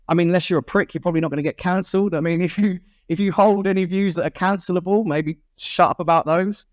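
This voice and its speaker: A man, a guest on a podcast, talking casually, frank and animated. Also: fairly high pitch, no room sound, clean studio sound. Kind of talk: casual chat.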